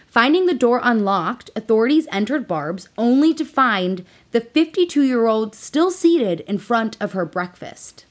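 A podcast host in her thirties narrates a true-crime case in a casual, chatty way. She is playful and adds dramatic flourishes as she tells the story. Her voice sits at an ordinary middle pitch for a woman.

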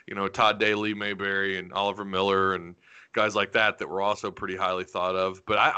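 A man's voice: lowish voice, clean tone. Emphatic Arkansas man hosting a podcast. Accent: Arkansas, mild. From Northwest Arkansas. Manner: animated, emphatic, joking. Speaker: podcast host. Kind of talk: casual sports podcast chat.

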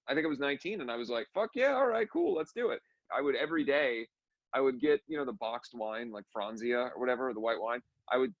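A man's voice: mid-range voice, a bit bright, no echo, highs cut off. A young man, a musician, talking candidly in casual conversation and telling stories with frequent restarts. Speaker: musician guest.

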